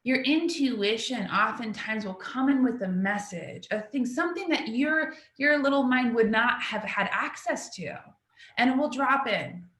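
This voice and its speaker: A young woman gives a storytelling talk, her voice bright and forward. She acts out the people in her story as she goes. The room adds a noticeable echo around her. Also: a little high, expressive, measured pace. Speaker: speaker at a talk, intuitive. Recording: echoey room.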